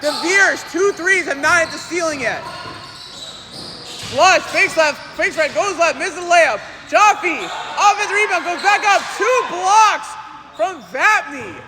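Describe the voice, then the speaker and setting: A man doing live play-by-play for a league basketball game, excited and chatty, in an indoor gym. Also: very high voice, noisy background. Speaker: play-by-play commentator.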